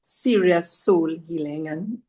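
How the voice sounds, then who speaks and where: A woman from Trinidad, a podcast guest telling her story in an animated, self-mocking way. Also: lowish voice, slow pace. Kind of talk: storytelling conversation.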